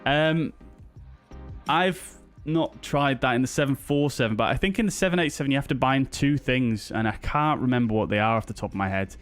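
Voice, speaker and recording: A man's voice: mid-range voice, brisk, soft background music. A British man streaming a flight simulator, chatting casually and greeting his viewers one by one with plenty of ums and uhs. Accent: British English. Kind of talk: casual live-stream chat.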